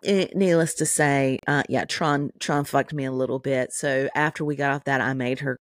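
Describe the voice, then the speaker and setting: Woman, low voice, middle-aged, animated storyteller, lots of swearing, dry close sound. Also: moderate pace, dry recording. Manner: animated storytelling, heavy profanity. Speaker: podcast co-host. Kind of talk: casual chat.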